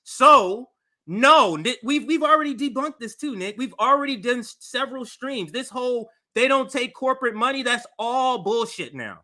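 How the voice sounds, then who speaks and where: A man with a high, very bright and sharp voice co-hosts a political talk show. He argues emphatically, building analogies and firing rhetorical questions at his partner. His tone stays forceful and pointed. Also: expressive, moderate pace. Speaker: political podcast co-host.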